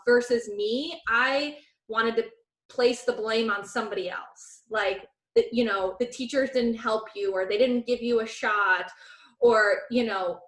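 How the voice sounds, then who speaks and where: With a fairly high pitch and a moderate pace, she tells a story on a podcast she co-hosts, bringing the quotes to life with animated delivery. The conversation is casual, and the room echoes.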